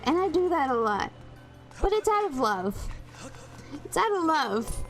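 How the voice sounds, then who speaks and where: Slow, rambling young woman streamer. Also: sits high, very animated. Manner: rambling, playful, with a sing-song lilt. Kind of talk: casual chat while gaming. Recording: loud game music behind.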